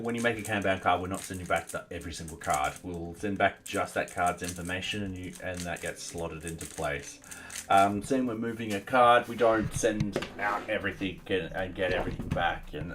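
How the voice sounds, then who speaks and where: A man giving casual think-aloud commentary as he codes at home, pausing and restarting mid-sentence and now and then chatting to his cat. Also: low voice, fairly bright tone, a little hiss or hum. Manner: chats to his cat between tasks. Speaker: software developer streaming his coding. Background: faint music and keyboard typing.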